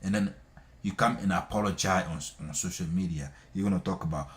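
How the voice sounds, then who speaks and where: A man's voice: low-pitched, brisk. A man hosting a live stream, scolding people in an impassioned monologue, repeating himself and hammering his points. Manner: scolding, repetitive, emphatic.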